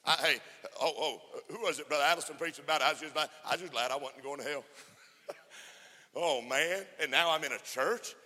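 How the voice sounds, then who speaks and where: A man's voice: a little high, fairly quick, sharp tone. A man preaching a fervent sermon to a conference, often laughing and calling for amens. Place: church conference hall. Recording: echoey hall reverb.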